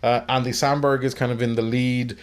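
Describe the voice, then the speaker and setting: A man's voice: medium pitch, level tone, brisk, clear, resonant tone. A man hosting a film review podcast, rambling and joking in casual chat with plenty of fillers.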